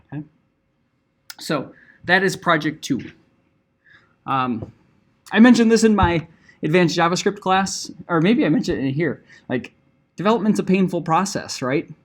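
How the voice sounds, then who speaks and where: A middle-aged man lecturing a class in an easygoing, conversational tone. His voice sits a little high for a man, and he keeps checking in with "right?" and "okay?" as he talks students through their work. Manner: casual, conversational, many "like" and "right?" asides. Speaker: instructor.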